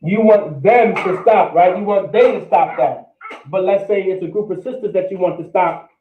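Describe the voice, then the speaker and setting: A man with a high voice teaches a class, repeating each word and asking "all right?" as he goes. He sounds distant in an echoey room. The sound is thin and phone-like. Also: moderate pace, a little hiss or hum. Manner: repetitive, checks in with "all right?". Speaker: language teacher. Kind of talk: classroom language lesson.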